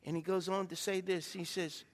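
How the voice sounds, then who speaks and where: A pastor preaches a sermon in a high-sitting male voice, keeping a level tone at a moderate pace. He calls out questions to the congregation in call-and-response style, and the church gives the recording a long hall reverb.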